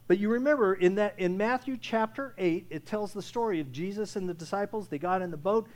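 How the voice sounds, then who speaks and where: High-voiced man preaching a sermon. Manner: swings from hushed, slow lines to loud preaching, asks the congregation questions. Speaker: pastor.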